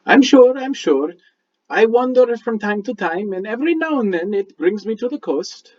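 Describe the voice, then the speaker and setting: Sly, smooth-talking male wizard, put on by a man, high and lively, lo-fi sound. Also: normal speed. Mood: flattering. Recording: dull lo-fi sound.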